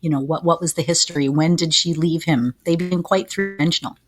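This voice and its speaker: A woman's voice: low voice, brisk. A woman co-hosting a casual podcast about old games, laying out her points with confidence. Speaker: podcast co-host.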